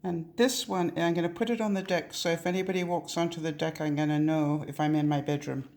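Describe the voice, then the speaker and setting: A woman's voice: low voice, steady tone, fairly quick. A middle-aged woman, chatting to camera in an opinionated, rambling way while driving. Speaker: vlogger. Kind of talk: casual chat to camera. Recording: distant mic with loud car and street noise. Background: car and traffic noise.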